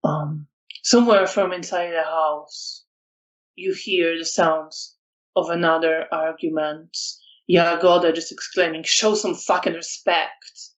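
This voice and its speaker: A storyteller narrating a vampire tabletop game in slow, descriptive lines with fillers. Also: mid-range voice, little pitch movement, dull audio.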